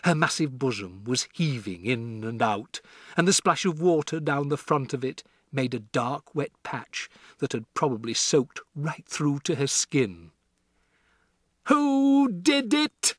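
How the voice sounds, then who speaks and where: A man reading a children's novel aloud as an audiobook narrator, with expressive storytelling. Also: mid-range voice, measured pace, no echo, clean studio sound. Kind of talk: scripted narration.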